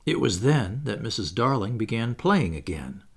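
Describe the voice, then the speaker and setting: A man's voice: fairly low pitch, big pitch swings, moderate pace, vocal fry, breathy edge. A man reading a children's story aloud, with wry asides to the listener. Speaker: audiobook reader. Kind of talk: scripted narration.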